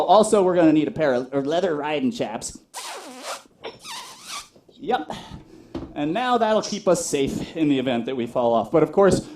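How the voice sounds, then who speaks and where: A man hosting an interactive children's show, playful and animated, talking straight to the kids. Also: fairly high pitch, a little hiss or hum. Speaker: children's entertainer. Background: drum music.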